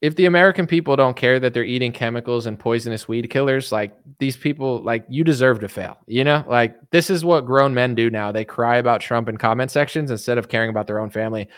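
A man ranting on a livestream in a scornful, mocking tone, slipping into silly voices to ridicule his viewers. The sound is close and dry, with almost no room around it. His pitch sits at an ordinary middle level for a man. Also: fast, hardly any pauses, smooth, no room sound. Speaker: streamer.

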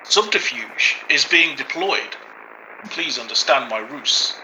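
A man's voice: mid-range voice, expressive, slow pace, pushed and bright, slight background noise, full character voice, poor audio. A man voicing an odd male alien caller who talks in stilted, formal, broken phrases.

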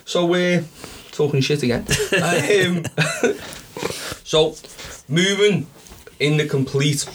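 A man's voice: fairly high pitch, takes it slowly, long pauses, background noise. A man hosting a podcast, telling a story in a chatty, rambling way. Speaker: podcast host. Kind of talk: casual chat, storytelling.

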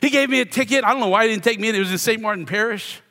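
A man's voice: high-pitched, rapid-fire, sharp tone. A middle-aged man from Louisiana, a pastor preaching a sermon with a self-deprecating, playful personal story. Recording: long reverb of a church hall.

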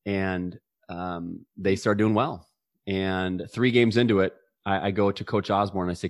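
A man's voice: deep voice, fairly even intonation, measured pace, dry recording, studio quality. A man in his forties telling a personal story as an interview guest, earnestly, with frequent restarts and repeated words. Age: 40s.

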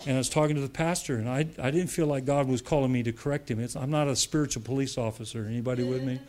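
A man's voice: medium pitch, fairly even intonation, quick pace, a little mellow. A man preaching a sermon with emphatic repetition, laughing between points.

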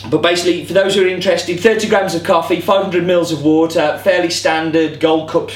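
A man hosts a casual coffee vlog, talking to camera in a chatty, rambling way with self-deprecating asides. His voice sits a little higher than most men's. The sound carries a roomy echo. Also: fairly even intonation, a little fast.

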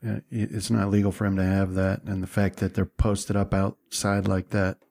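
Male player, lowish voice, halting and thinking aloud. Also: little pitch movement, gravelly, a little mellow. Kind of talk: casual tabletop play.

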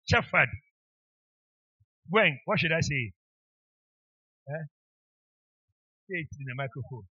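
Husky, bright-voiced teasing bishop. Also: male voice, a little high, lively intonation, a little slow, no echo. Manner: playful, teasing the congregation, calls people by name. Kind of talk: sermon at a church retreat. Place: church meeting hall. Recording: dull lo-fi church recording.

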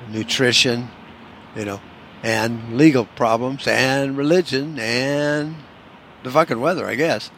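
A man's voice: mid-range voice, slow, fairly bright tone, slight background noise. Profane, sarcastic male podcast ranter. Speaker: podcast host. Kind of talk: solo podcast rant.

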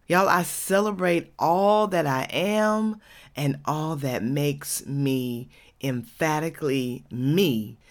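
A woman from Georgia, hosting her own podcast in a casual, chatty way, laughing often and saying y'all. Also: sits low. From Georgia, USA. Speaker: podcast host.

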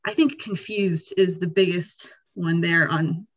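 A woman hosting a podcast, explaining ideas in a lively, conversational way and acting out what people might feel. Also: on the low side, a little slow, breathy edge, highs cut off. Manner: animated, acts out quoted feelings. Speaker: podcast host.

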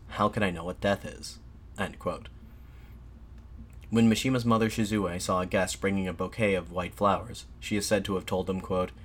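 Man narrating history in a steady voice. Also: on the low side. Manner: steady, measured reading with occasional restarts.

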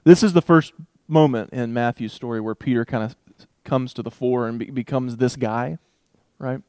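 A man teaching a Bible passage in a relaxed, conversational way, reading verses aloud and thinking out loud with asides. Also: medium pitch, moderate pace, no echo, studio quality. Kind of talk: casual Bible study talk with scripture reading.

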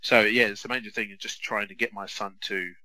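A young Australian man co-hosting a wrestling watch-along podcast, telling animated stories and swearing freely. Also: fairly low pitch, brisk, a loud crowd, low-quality recording. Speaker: podcast co-host. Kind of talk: casual watch-along chat.

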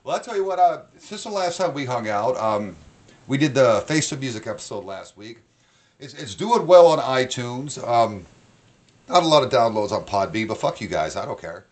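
A young man hosting a casual podcast, his talk loose and peppered with swearing. His voice sits at an ordinary middle pitch, and he jokes and laughs easily through the banter. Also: sing-song, normal speed. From North Carolina, USA. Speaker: podcast host.

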